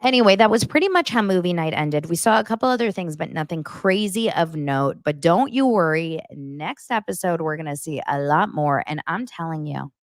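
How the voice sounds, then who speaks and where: Woman, young adult, podcast host, gossipy, animated, very lively pitch, dry close sound. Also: moderate pace, hardly any pauses, no room sound. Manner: gossipy and animated, acting out quotes in mocking voices. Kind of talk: casual pop-culture recap chat.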